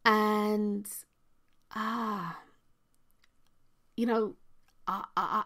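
Hiccuping throughout, a woman delivers a motivational talk to her viewers as a spiritual coach. She speaks slowly with frequent pauses in a slightly high, fairly bright voice with lively intonation, stressing repeated key phrases and at times falling nearly to a whisper.

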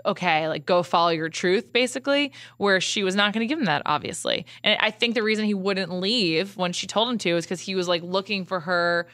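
Bright, chatty woman gushing about TV. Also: medium pitch, brisk, few pauses, no room sound. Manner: animated, filler-heavy. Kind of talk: casual chat.

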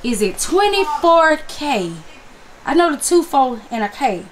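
A woman's voice: high-pitched, very animated, unhurried, a little hiss or hum. A woman talking casually to viewers about her craft haul, calling them honey and y'all. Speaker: crafts vlogger. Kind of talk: casual chat to camera.

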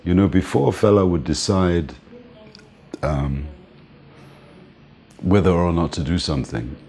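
An older man interviewed as a music manager, telling relaxed stories and often laughing and saying "man". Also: low voice, a little slow. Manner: relaxed, reminiscing, often says "man", laughs between points. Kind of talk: casual storytelling interview.

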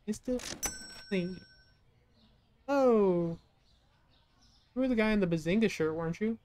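A woman's voice: mid-range voice, unhurried, mellow, no room sound. A woman streamer giving casual let's-play commentary, cracking jokes and talking to the customers in the game. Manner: joking, chatty asides to game customers. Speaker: gaming streamer.

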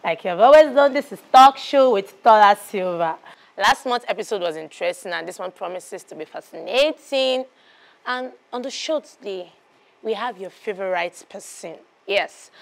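A woman's voice: medium pitch, vocal fry. A woman from Nigeria playing a chatty young TV talk show host in a film, with repetitive presenter patter.

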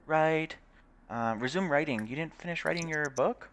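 A man's voice: on the high side, normal speed, fairly bright tone, a little hiss or hum. A young man giving casual, crude commentary while playing a game, swearing, laughing and reading game text aloud. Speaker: gaming YouTuber.

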